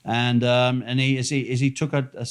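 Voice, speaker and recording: A man's voice: mid-range voice, flat delivery, fairly quick, smooth. A man telling a long, rambling, profane anecdote with many fillers and restarts.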